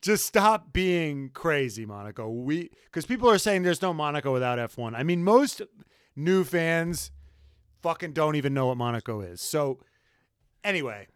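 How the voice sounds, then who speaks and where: An excitable young American man co-hosting a podcast, talking fast and loose with plenty of swearing. His voice sits high and swings widely in pitch, smooth and clear. The sound is dry and close, with no room in it. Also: dry recording. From United States. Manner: excitable, swears a lot, mock-posh impressions. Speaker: podcast co-host. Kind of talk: casual profane chat.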